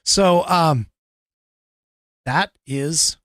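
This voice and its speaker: A man's voice: fairly high pitch, big pitch swings, a little slow, a bit bright, no echo, studio quality. A man hosting a podcast, talking in a casual, rambling way with lots of fillers, restarts and frequent chuckles. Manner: chuckles often. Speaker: podcast host.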